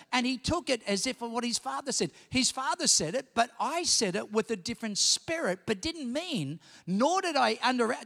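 Australian man, middle-aged pastor, very high voice, bright and sharp tone, animated sermon storytelling, long hall reverb. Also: vocal fry. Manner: animated storytelling, rising to shouts. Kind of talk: sermon with personal stories.

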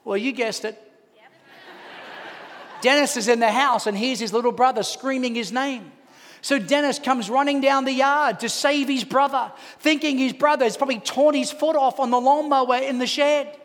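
Male pastor, very high voice, dramatic storyteller, long echoing hall reverb. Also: normal speed. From Australia. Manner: animated storytelling, swinging from hushed to shouting. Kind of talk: sermon.

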